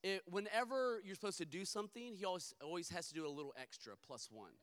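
A man's voice: high-pitched, fast, a bit bright, clear, resonant tone. A middle-aged man preaching a sermon, emphatic and rhythmic, slipping into humorous personal storytelling. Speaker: pastor.

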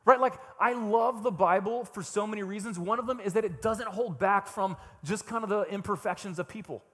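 A man preaching a sermon in a casual, emphatic way, swinging from hushed reflection to loud, raised passages. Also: high voice, a little fast, few pauses, husky, big-room sound. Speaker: pastor.

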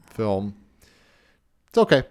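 A man's voice: fairly low pitch, very animated, takes it slowly, a little mellow, no room sound. A man co-hosting a casual podcast, swearing freely and stammering through restarts. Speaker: podcast co-host. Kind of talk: casual profane chat.

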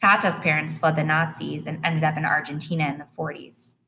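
A woman's voice: low-pitched, level tone, fairly quick, vocal fry, noisy background. A woman narrating an audiobook in the first person with earnest, plain storytelling.

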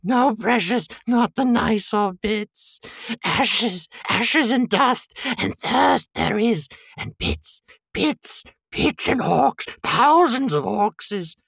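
A man's voice: sits high, animated, slow, creaky, fairly bright tone, breathy edge, no echo, clean studio sound, voice pushed up, full character voice. A man reading aloud and voicing a wretched, tormented creature that hisses, whines and sobs. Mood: fearful whining. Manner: shrieking, sobbing, hissing.

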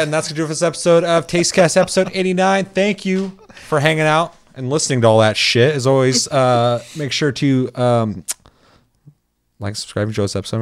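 A man hosting a casual gaming podcast, swearing freely and slipping into joking voices for quoted lines. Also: mid-range voice. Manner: profane, animated, jokey voices for quotes. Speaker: podcast host.

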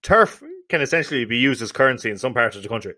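A man's voice: medium pitch, expressive, quick pace, bright, forceful tone. A young Irish man chatting casually as a podcast co-host, rambling, laughing often, swearing and making silly vocal noises. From Ireland. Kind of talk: casual banter.

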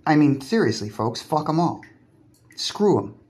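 A man's voice: on the high side, sing-song, a little slow, a little mellow. A man delivering a profane, sarcastic solo podcast monologue while lying in a bathtub. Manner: profane, sarcastic, provocative, breaks off and restarts words.

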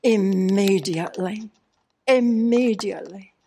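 An older woman with a Northern Irish accent, preaching to a women's gathering through an animated, humorous story. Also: medium pitch, takes it slowly, creaky, slight background noise. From Northern Ireland. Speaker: speaker. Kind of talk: storytelling sermon. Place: church gathering.

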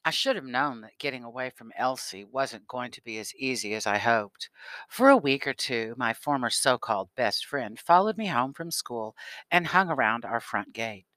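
A man narrating a first-person children's novel as an audiobook, in a calm storytelling manner. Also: mid-range voice, moderate pace, no echo. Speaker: audiobook reader.

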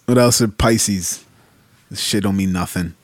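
A man co-hosting a casual podcast, laughing and teasing his friends in animated banter. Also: on the low side, measured pace, no echo. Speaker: podcast host.

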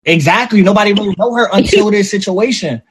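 A man talking casually as a podcast co-host, animated and profane, acting out little quotes as he argues his point. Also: sits high, fast talker, husky. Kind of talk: casual chat.

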